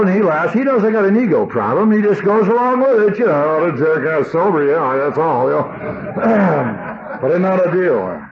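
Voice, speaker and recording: A man in his fifties giving a blunt, emotional AA talk to an audience. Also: on the high side. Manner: rough, blunt and emotional storytelling. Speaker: AA speaker. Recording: dull old cassette tape with faint hiss.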